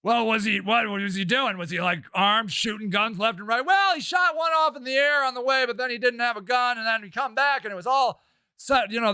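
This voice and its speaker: High, bright-voiced sarcastic male streamer. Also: smooth, no room sound, clean studio sound. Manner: sarcastic, profane, rambling. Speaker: live stream host. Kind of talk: live stream commentary reading chat.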